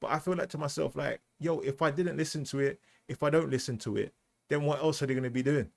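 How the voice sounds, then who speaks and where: A man's voice: on the high side, quick pace, vocal fry, a little mellow. A British man giving casual, slangy commentary as he reacts to a music track, often asking "you know what I mean". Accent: British English.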